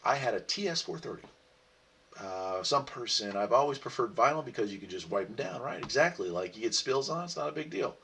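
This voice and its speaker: A man hosting a casual livestream, reading out viewer comments and answering them in a relaxed, rambling way with frequent laughs. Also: mid-range voice, fairly quick, vocal fry, far from the mic, a little hiss or hum. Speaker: livestream host.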